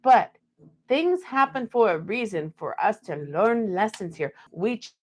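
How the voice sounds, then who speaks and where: A woman's voice: medium pitch, sing-song, unhurried, a little mellow. A young woman from the Pacific Northwest doing a live-stream card reading, talking in a put-on Southern belle drawl and calling viewers darling.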